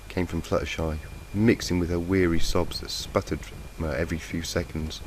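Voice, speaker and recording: Reading fanfiction through a noisy, lo-fi, faulty home mic, this man has a cold that leaves him croaky. His delivery is low-pitched and level at a moderate pace with few pauses, plain but lightly emotive.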